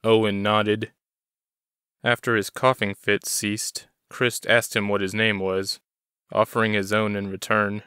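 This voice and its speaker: Low, smooth male narrator. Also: level tone, unhurried, sharp tone, dry recording, studio quality. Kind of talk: audiobook reading.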